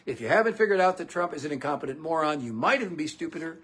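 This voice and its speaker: A man's voice: fairly high pitch, animated, very fast, a bit bright, breathy edge. A man hosting a comedic political talk show, sarcastic and profane. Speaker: political commentator and show host.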